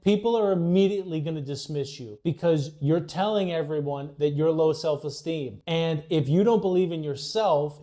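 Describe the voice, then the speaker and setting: A man giving an English lesson straight to camera, blunt and emphatic as he lays out firm opinions. His voice is fairly high for a man, with a mellow, dark tone. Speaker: English teacher.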